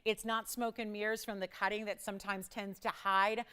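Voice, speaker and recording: A woman hosting a live jewelry shopping show, chatty and enthusiastic, with quick asides and laughs as she pitches. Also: little pitch movement, pushed and bright, clear, resonant tone.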